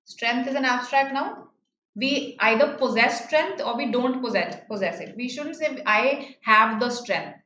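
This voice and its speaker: Her voice fairly high and fairly bright, a woman with an Indian English accent teaches grammar online at a normal speed. She explains with patience, repeating key phrases and checking in with "right?". The recording is a little muffled and roomy, with a faint background hiss.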